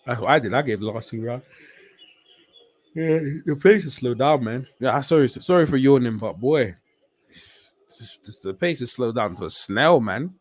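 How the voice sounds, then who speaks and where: A man's voice: mid-range voice, normal speed. A man giving casual, slang-heavy live commentary on a boxing match as a stream host. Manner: slangy, chatty, rising to excited shouts on big punches.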